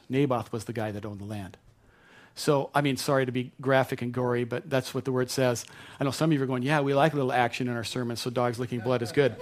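A man's voice: mid-range voice, fast. A man preaching a sermon, retelling a Bible story in a conversational way with asides to the congregation. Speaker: pastor.

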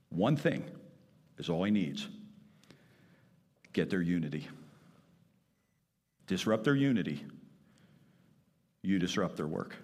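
A man's voice: deep voice, husky. A man preaching a sermon as pastor, emphatic, repeating key phrases and putting questions to the congregation. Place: church sanctuary. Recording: long reverb of a church hall.

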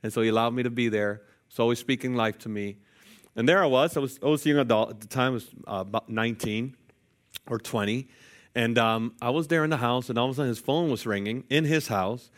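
Medium in pitch and quick in delivery, a preacher shares a personal story during a sermon in the church sanctuary. Playful jokes and lively asides aimed at the congregation run throughout.

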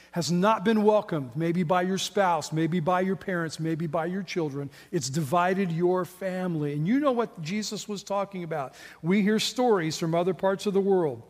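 A middle-aged man preaching a sermon as a pastor, talking conversationally and asking the congregation rhetorical questions with casual asides. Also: sits high. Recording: long reverb of a large hall.

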